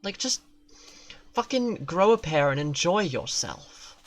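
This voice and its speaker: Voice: mid-range voice, sing-song, takes it slowly. A streamer chatting casually while playing a game, ranting with heavy swearing and self-mocking asides. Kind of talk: casual gaming-stream rant.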